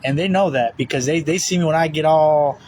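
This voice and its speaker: A man's voice: fairly high pitch, brisk, a little mellow, slight background noise, rough recording. A man giving a casual spoken sermon as a religious teacher, rambling and repetitive with many fillers.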